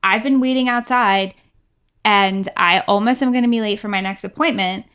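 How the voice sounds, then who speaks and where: A woman's voice: medium pitch, moderate pace, a bit bright, clear, resonant tone. A woman co-hosting a faith podcast, speaking candidly and laughing at herself while acting out what she said. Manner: candid, self-deprecating, acts out her own quoted lines. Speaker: podcast co-host. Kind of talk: casual faith discussion.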